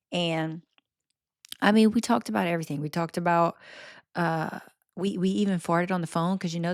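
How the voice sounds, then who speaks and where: A woman's voice: lowish voice, creaky, dry recording, studio quality. A young adult woman hosting a podcast, chatting candidly and casually about her life, swearing freely. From American South. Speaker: podcast host. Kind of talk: casual chat.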